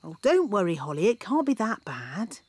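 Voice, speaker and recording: A woman voicing a bossy, cheerful fairy nanny in a cartoon, talking in a brisk, fussy and self-assured way. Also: mid-range voice, big pitch swings, darkish tone, breathy edge. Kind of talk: cartoon voice acting.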